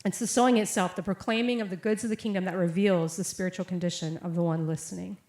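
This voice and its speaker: A woman's voice: fairly low pitch, steady tone, fast talker, darkish tone. A young adult woman preaching a sermon, telling a personal story in a casual way with lots of fillers and quoted voices. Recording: echoey room.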